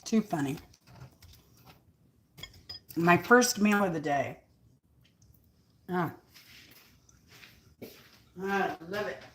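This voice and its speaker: Woman, cooking vlog host, slightly low voice, unhurried rambling storyteller, laughs a lot. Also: a bit bright, slight background noise. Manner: rambling, with many fillers and restarts; laughs often while telling stories. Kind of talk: casual storytelling chat. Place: home kitchen.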